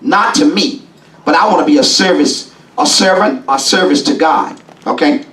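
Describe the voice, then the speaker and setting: High-voiced bishop preaching in echoey church. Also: male voice, normal speed, distant mic. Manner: folksy preaching with call-and-response, rising to shouts. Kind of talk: sermon.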